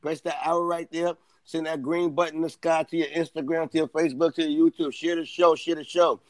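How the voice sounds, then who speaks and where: A man's voice: on the high side, level tone, a little fast, dry recording. Brash male stream co-host, crude teasing hype, dry close sound. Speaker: co-host of a live roast stream. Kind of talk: loud hype banter.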